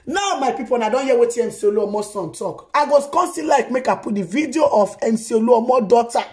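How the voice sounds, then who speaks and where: A woman's voice: a little high, lively intonation, brisk, darkish tone. A woman with a Nigerian Pidgin accent hosting a news vlog, chatting casually and tagging her phrases with exclamations. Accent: Nigerian Pidgin English. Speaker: vlog host reacting to news.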